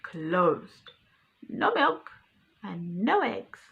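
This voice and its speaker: A woman's voice: mid-range voice, big pitch swings, very slow, gravelly, lo-fi sound, full character voice. A woman voicing cheeky cows writing a demanding note, in a prim sing-song way.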